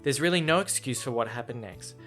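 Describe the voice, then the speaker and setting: An excitable, chatty man reacting to a book he reads aloud, with a bright, forward voice. His delivery is casual. Faint guitar music plays softly behind him. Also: mid-range voice, brisk. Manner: excitable, chatty, laughs often.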